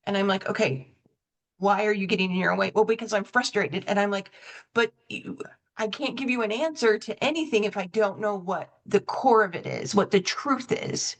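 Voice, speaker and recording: A woman's voice: mid-range voice, normal speed. A woman hosting a coaching podcast, reflective and self-correcting, telling stories and acting out both sides of the dialogue. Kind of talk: conversational interview.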